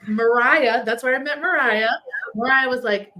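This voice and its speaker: A woman talks in a relaxed, chatty way, her voice sitting fairly high. She tells stories with many filler words. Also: normal speed. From Texas. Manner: chatty storyteller, lots of "like" fillers. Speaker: podcast guest. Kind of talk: casual chat.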